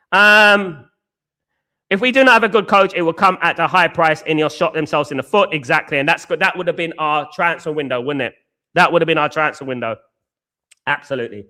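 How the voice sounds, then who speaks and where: A man's voice: a little high, sharp tone. A man hosting a live football fan reaction stream, reading viewer comments aloud and ranting passionately, swearing and repeating his points to the chat. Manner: addresses chat viewers directly as guys and mate. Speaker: football fan channel host.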